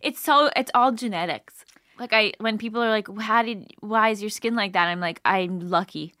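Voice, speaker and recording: Bright-voiced woman co-hosting a chatty show. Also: a little high, moderate pace, dry recording, studio quality. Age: 30s. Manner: chatty, playful, earnest when giving advice. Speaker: co-host. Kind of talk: casual podcast banter.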